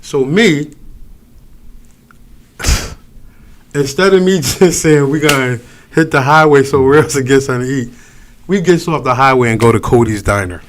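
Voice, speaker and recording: A man's voice: mid-range voice, normal speed, long pauses, a little hiss or hum. A man, cohosting a casual podcast chat, telling a story in slang with laughs and restarts. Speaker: podcast co-host.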